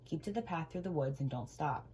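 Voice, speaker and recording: A woman reading aloud, voicing a caring mother giving gentle, careful instructions to her little girl. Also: sits low, expressive, brisk, husky. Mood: cautioning.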